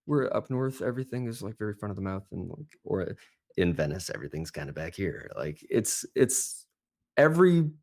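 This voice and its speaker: A man, a guest accent coach, chatting casually on a podcast in an animated, storytelling way. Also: lowish voice, normal speed. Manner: animated storyteller, lively asides.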